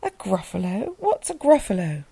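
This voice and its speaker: A woman voicing a sly, hungry male owl in a storybook reading, smooth and coaxing. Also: mid-range voice, sing-song, normal speed, dark tone, no echo, heavily acted.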